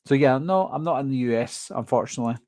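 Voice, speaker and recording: A man's voice: medium pitch, fast, darkish tone, dry recording, studio quality. A man from Scotland with a toned-down Glasgow accent, chatting casually on a live stream as he reads out viewer questions and answers them. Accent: Glaswegian Scottish, toned down. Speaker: horror movie channel host.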